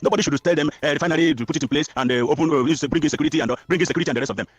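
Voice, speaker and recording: A man's voice: a little high, rapid-fire, no echo. A Nigerian man calling a radio show, cynical and full of hesitant fillers. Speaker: radio caller. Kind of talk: opinionated call-in.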